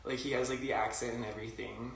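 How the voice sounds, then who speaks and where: A livestream host with a rural Canadian accent chats loosely, peppering his talk with fillers and frequent laughter. His mid-range voice is fast, fairly bright and fairly flat in pitch, with vocal fry. The mic sits at a distance, picking up roomy echo and faint ambient noise.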